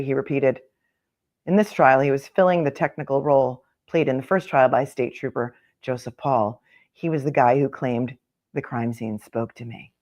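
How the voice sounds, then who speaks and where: Her voice rumbles low and is a little mellow. She's a middle-aged attorney running a live-stream, where she reads out a newspaper column and interrupts herself with wry, chatty remarks between the read sections.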